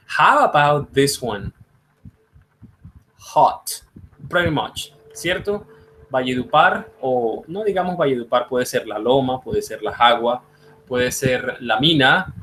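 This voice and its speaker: A man leads an English lesson, stretching each word slowly and repeating it. His voice sits a little high for a man. Now and then he slips into rapid to explain. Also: fairly bright tone, slight background noise, low-quality recording. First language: Spanish. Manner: drawn-out repeated words, switching to quick Spanish asides. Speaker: English teacher. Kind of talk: slow classroom pronunciation drill.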